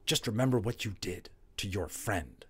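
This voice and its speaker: An earnest young boy read by a man who talks firmly and persuasively, with a lively, rising and falling voice. It stays close to the reader's own tone in a storybook reading. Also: fairly low pitch, normal speed, breathy edge.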